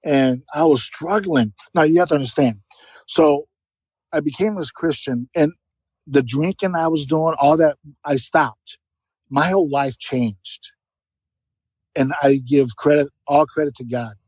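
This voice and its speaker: A man's voice: fairly high pitch, measured pace, darkish tone, breathy edge, no room sound, low-quality recording. A middle-aged man giving an emotional, earnest personal testimony as a podcast guest, often repeating words.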